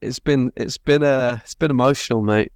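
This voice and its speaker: A man's voice: mid-range voice, normal speed, smooth, no echo, studio quality. A man co-hosting a football podcast, glum and wry, swearing freely. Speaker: podcast co-host. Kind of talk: casual football chat.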